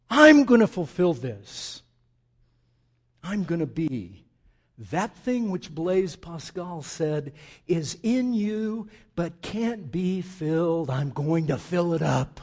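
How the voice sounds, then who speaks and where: A man's voice: high-pitched, very animated, slow pace, darkish tone. An older man, a pastor, preaching a sermon in an emphatic, conversational way with casual asides.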